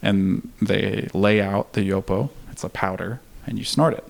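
Gravelly low-voiced man telling a story. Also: fairly even intonation, unhurried. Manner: candid, laughing, swears freely. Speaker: podcast guest. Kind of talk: casual storytelling.

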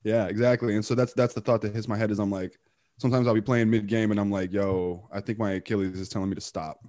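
A man's voice: fairly low pitch, fast talker, dry recording. Stuffy-nosed man in his thirties. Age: 30s. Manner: relaxed, rambling, with many fillers and restarts. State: stuffy, nasal from a broken nose. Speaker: podcast guest. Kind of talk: casual podcast conversation.

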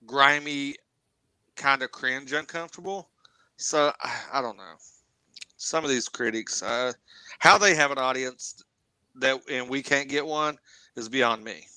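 A man's voice: medium pitch, unhurried, pushed and bright, smooth, dry recording, low-quality recording. A man with a Southern American accent co-hosting a casual movie review podcast, blunt and thoughtful with frequent exclamations. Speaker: podcast co-host.

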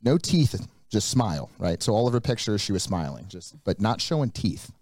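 Young male co-host, low voice, wry self-deprecating delivery, dry studio sound. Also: sing-song, normal speed, a little mellow, no echo. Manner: self-mocking, wry storyteller. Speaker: podcast co-host. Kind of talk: casual chat.

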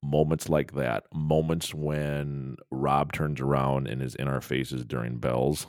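Very deep gravelly man, casual chat. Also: slow, no echo, studio quality. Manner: swears freely, animated storytelling. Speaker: podcast co-host.

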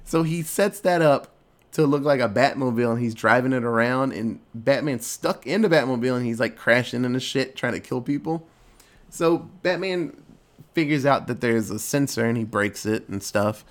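A man's voice: medium pitch, moderate pace. Rambling, swearing man recapping a film. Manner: rambling, swears freely, acts out quotes. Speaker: podcast co-host recapping a movie. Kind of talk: casual chat.

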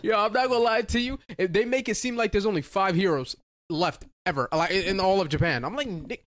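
A young man hosting a podcast, talking fast in casual, profane, laughing banter about anime. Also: high voice, a bit bright, no echo, clean studio sound. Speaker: podcast host. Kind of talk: casual chat.

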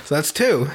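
A man with a fairly high voice chats casually as a podcast host, recounting film scenes with a lot of swearing and frequent laughter. He talks over an online call from home. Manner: animated, profane storytelling with frequent laughter. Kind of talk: casual chat.

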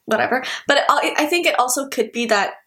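A woman's voice: high-pitched, fast talker, sharp tone. A young woman co-hosting a podcast in casual, emphatic chat, with many fillers. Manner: chatty and emphatic, heavy use of "like". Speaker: podcast co-host.

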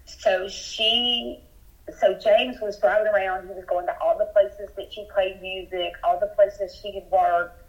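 A woman's voice: medium pitch, steady tone, a little slow. A woman from Texas telling a personal story as a guest, in an earnest, detailed way. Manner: earnest, detailed retelling with rising urgency. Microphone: telephone. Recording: muffled phone line.

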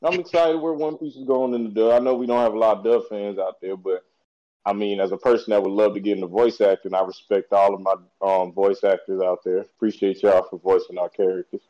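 A man co-hosting a podcast, chatting casually about anime in a slangy, excitable, rambling way. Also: fairly low pitch, brisk. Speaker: podcast co-host. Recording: dull lo-fi recording.

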